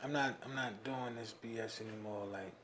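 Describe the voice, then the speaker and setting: A young man from New Jersey venting about being a father in a casual monologue, animated, with lots of "you know what I mean". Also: normal speed, a little hiss or hum. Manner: animated, swings loud and high when worked up, frequent "you know what I mean". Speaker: vlogger talking about fatherhood.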